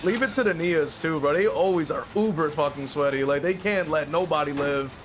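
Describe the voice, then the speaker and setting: A man's voice: fairly high pitch, fairly quick, noisy background. A man giving casual, profane commentary while playing a game, rambling with fillers and getting frustrated. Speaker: streamer playing a killer.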